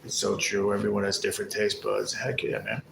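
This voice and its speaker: A man's voice: lowish voice, completely flat delivery, a little fast, vocal fry. A man hosting a casual livestream, rambling and swearing a lot as he talks with viewers. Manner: profane, rambling and aggrieved. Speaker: livestream host. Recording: echoey room with background noise.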